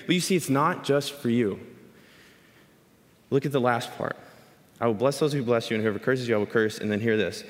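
A man giving a sermon, explaining scripture and telling a story in an animated way. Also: mid-range voice, normal speed. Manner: animated storytelling, acts out quoted voices. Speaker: speaker teaching scripture. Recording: long hall reverb.

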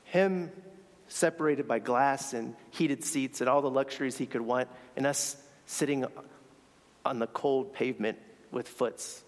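A man's voice: medium pitch, a little slow, long reverb tail. A man telling a personal story in a sermon, earnest and reflective, sometimes restarting his words. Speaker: speaker sharing a faith story.

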